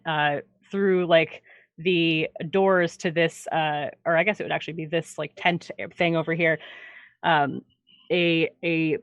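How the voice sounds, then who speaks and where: A woman's voice: lowish voice, fairly bright tone, no echo, studio quality. A woman narrating as game master of a tabletop game, in a chatty, filler-heavy way.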